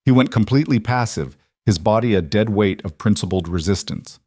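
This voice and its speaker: Low-voiced man narrating a story. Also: normal speed, a little mellow, no room sound, studio quality.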